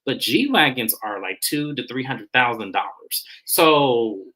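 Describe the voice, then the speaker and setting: Bright-voiced chatty TV recap vlogger. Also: medium pitch, lively intonation, slow, low-quality recording. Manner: chatty, acts out quoted lines in shifting voices; slangy, informal phrasing. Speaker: recap reviewer. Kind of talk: casual episode recap.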